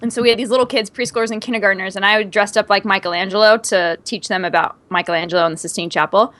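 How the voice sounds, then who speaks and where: A young adult woman co-hosting a casual podcast chat, telling stories in an animated way and acting out the quotes. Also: mid-range voice, fast talker. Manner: animated storyteller, acts out quotes. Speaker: podcast co-host.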